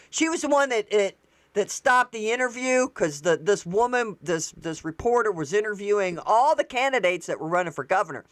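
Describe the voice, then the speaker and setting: A woman hosts a casual solo commentary, thinking out loud as she goes. She doubles back and fixes her sentences all the time. Her voice sits in a middle pitch, and the recording is dry and close. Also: no room sound. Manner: rambling and conversational, with frequent restarts and self-corrections. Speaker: show host.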